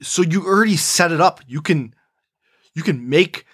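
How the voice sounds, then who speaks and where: A man's voice: a little high, lively intonation, moderate pace, fairly bright tone, husky. A man co-hosting a casual movie-recap podcast, laid-back, agreeing readily and trailing off into laughter. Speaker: podcast co-host.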